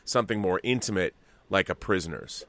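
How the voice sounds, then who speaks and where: A man's voice: deep voice, a little fast, a bit bright, no room sound. A man hosting an interview podcast, asking curious questions and searching for his words as he goes. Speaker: podcast host.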